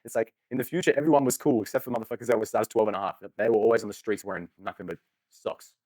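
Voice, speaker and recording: A man's voice: fairly low pitch, steady tone, a little mellow, dry recording. A young man, joking and swearing freely in a casual podcast chat. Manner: rapid, joking, swears freely, laughs often.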